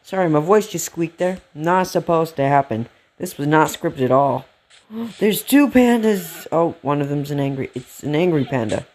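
A man giving casual, rambling commentary while playing a game, gasping and getting excited at cute animals. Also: a little high, moderate pace, few pauses. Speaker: let's play gamer.

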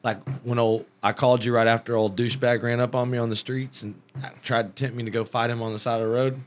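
A man's voice: medium pitch, little pitch movement, quick pace. Joking, slangy male podcast host. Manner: loose, joking, slangy, laughs often. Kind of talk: casual interview chat.

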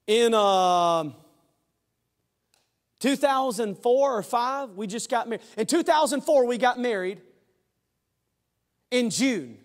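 A man preaching a sermon in a church sanctuary. He is fervent and folksy, jokes with the room, and swings from shouted peaks to quiet asides. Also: extremely high pitch, animated, takes it slowly, long pauses. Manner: folksy, joking. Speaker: pastor. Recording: long hall reverb.

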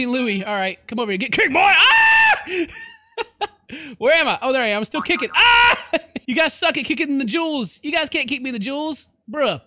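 A young man giving loud, goofy gameplay commentary, often shouting and laughing at the game. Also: very high voice, slight background noise.

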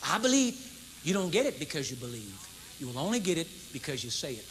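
A man in his fifties preaching a sermon to a live congregation, emphatic and repetitive, moving between loud proclamation and low intense talk. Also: big pitch swings, quick pace, a little hiss or hum. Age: 50s. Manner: emphatic, repeats key phrases for effect. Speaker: pastor. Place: large church service with congregation responding.

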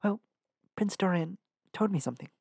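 Sly sweet-talking court lady, read by a man, hushed, very dry sound. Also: sits high, moderate pace, creaky, husky, no echo, voice pushed up, full character voice. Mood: flattering. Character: scheming young noblewoman, sweetly flattering.

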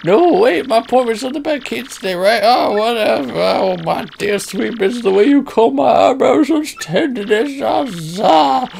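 A man's voice: extremely high pitch, expressive, normal speed, creaky, hardly any pauses, darkish tone, a little hiss or hum, pitched above the performer's own voice, heavily acted. A man voicing a forgetful, rambling old male turtle-creature in a video game. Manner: rambling, loses his train of thought.

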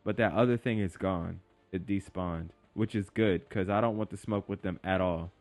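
A young man giving excitable, slangy commentary while he plays a game, yelping and talking to his creature. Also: low voice, normal speed, no echo. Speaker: gaming YouTuber. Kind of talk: live gameplay commentary. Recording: faint game music behind.

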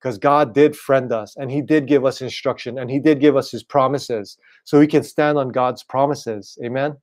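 A man preaching an online sermon in a relaxed, conversational way, often checking in with "right?". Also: mid-range voice, normal speed. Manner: casual, repeats "right?" and "you know". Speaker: pastor.

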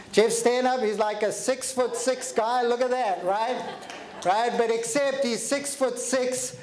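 Animated, high-voiced male keynote speaker. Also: slight background noise. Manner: animated, energetic, jokey. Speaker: motivational speaker. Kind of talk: keynote storytelling to a live audience. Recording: echoey hall with faint ambience.

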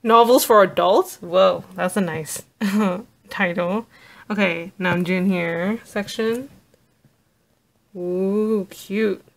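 A woman vlogger narrating an unboxing, gushing with awed exclamations and soft asides. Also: medium pitch, drawn-out words.

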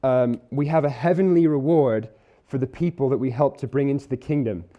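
A man preaching a sermon at church, earnest and conversational, slowing down to stress key words. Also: mid-range voice, highs cut off. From Isle of Man or UK. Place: church hall.

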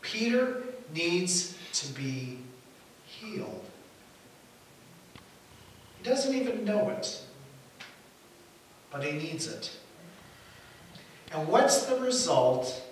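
A man preaching a sermon as pastor, telling the story in an animated way and acting out the quotes. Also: high voice, slow pace, pauses often. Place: church hall. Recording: echoey hall from far off, faint hiss.

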